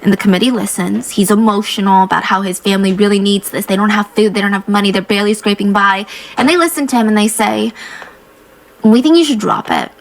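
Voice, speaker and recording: A woman hosting a true crime podcast, telling the case in an animated, conversational way with quick asides. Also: medium pitch, rough recording.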